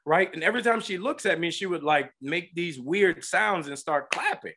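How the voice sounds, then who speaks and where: Man, higher-pitched voice, bright and forceful, lively storytelling, interview guest. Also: normal speed. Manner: lively, laughing storyteller who acts out voices. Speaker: guest actor. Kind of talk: animated anecdote telling.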